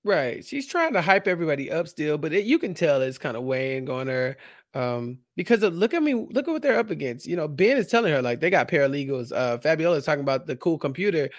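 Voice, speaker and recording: A young man co-hosting a podcast, giving animated, slangy opinions in a casual TV recap. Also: fairly high pitch, fast talker, no echo, clean studio sound. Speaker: podcast co-host.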